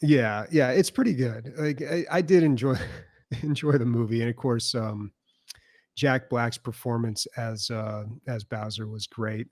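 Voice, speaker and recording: A man in casual podcast chat, talking in long loose runs full of fillers. His voice sits at an ordinary middle pitch. The sound is dry and close, with no room around it. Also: unhurried, a little mellow, no room sound. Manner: rambling, filler-heavy storytelling. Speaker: podcast co-host.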